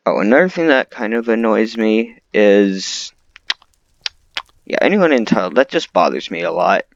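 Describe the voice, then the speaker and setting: Rambling, complaining man with lively pitch. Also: slow, vocal fry, long pauses, dry recording, lo-fi sound. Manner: rambling, complaining, many restarts. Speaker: vlogger. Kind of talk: unscripted rant.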